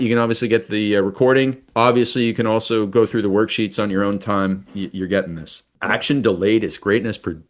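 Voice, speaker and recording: A man leading a live online coaching workshop, talking in a quick, energetic and enthusiastic way. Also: fairly low pitch.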